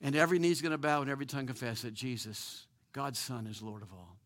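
A man preaching a sermon as pastor, animated and emphatic, with repeated words, restarts and the odd chuckle. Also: mid-range voice, fast, hardly any pauses.

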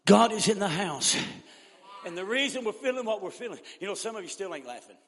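A man preaching a revival sermon, shouting and laughing as he tells folksy stories. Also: high voice, animated, brisk, big-room sound.

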